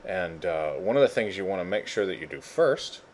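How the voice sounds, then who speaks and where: A man running a casual screen-share software tutorial, goofy and rambling with lots of fillers. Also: low-pitched, lively intonation, normal speed, a little hiss or hum. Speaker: instructor.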